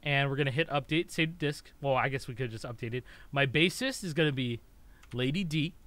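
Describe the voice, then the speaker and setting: A young man giving casual gameplay commentary, excitable, laughing often and swearing, breaking into shrieks when something amuses him. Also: mid-range voice, brisk, no room sound. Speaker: gaming YouTuber.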